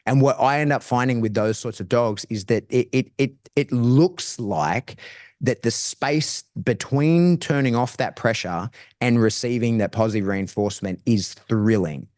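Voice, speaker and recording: A man's voice: mid-range voice, unhurried, a little mellow, no room sound, clean studio sound. A man who trains dogs, talking as a podcast guest in a casual, slangy way, often restarting his phrases. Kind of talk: casual explanatory chat.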